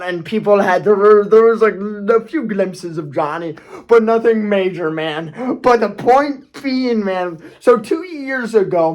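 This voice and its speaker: A man telling a personal story on his video channel, rambling and often checking in with "okay?". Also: sits high. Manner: rambling, keeps asking "okay?", restarts, swears. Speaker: YouTuber. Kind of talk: casual storytelling vlog.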